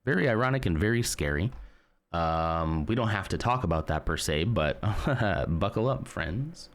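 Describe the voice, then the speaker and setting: A man's voice: low voice, animated, a little slow. A man streaming live, chatting casually and rambling as he reads and answers his chat.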